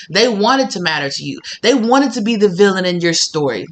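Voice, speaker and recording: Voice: mid-range voice, animated, fast, few pauses, a bit bright. A tarot reader giving a casual reading to camera, blunt and sassy, swearing freely and laughing often.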